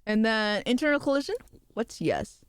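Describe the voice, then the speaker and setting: A woman's voice: on the high side, wildly swooping pitch, moderate pace, smooth, no room sound. Woman, streamer, casual chat, rambling, giggly, dry close sound. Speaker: VTuber streamer.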